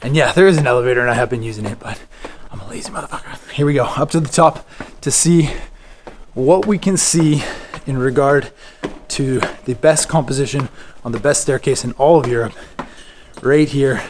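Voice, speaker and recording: A man casually narrating a photography vlog as he walks through a quiet indoor stairwell, with relaxed talk and plenty of fillers. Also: mid-range voice, slight background noise. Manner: relaxed, chatty, many fillers. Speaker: photography vlogger. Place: large indoor stairwell of a public building.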